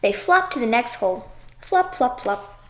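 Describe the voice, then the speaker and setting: Slow, sing-song woman reading a children's story. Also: on the high side, sing-song, echoey room, a little hiss or hum. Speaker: audiobook reader. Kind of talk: children's story read aloud.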